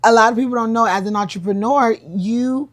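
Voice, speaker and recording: A woman's voice: fairly high pitch, fairly quick. A woman co-hosting a podcast, chatting casually and acting out what others say. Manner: chatty, acts out quotes from others. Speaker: podcast co-host.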